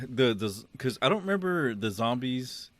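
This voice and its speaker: A man's voice: medium pitch, big pitch swings, moderate pace, no room sound. A middle-aged man co-hosting a podcast, chatting casually, rambling and laughing often with easy swearing. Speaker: podcast co-host. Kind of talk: casual chat.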